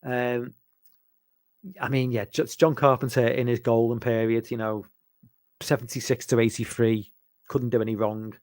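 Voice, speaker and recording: A man's voice: medium pitch, little pitch movement, normal speed, pauses often, a little mellow, dry recording. A man from England chatting casually about horror films, rambling and hesitant, with lots of ums and restarts. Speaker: podcast host.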